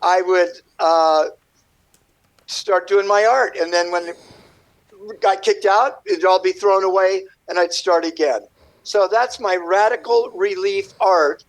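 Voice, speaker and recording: A man, a guest artist on a radio interview, telling his story in a rambling, animated way and acting out what people said. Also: sits high, takes it slowly, low-quality recording.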